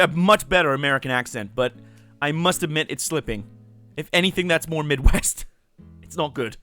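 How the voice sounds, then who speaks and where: A man's voice: on the high side, fairly bright tone. A young man, chatting and joking while commentating his live gameplay stream. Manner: chatty, joking, rambling asides with laughs.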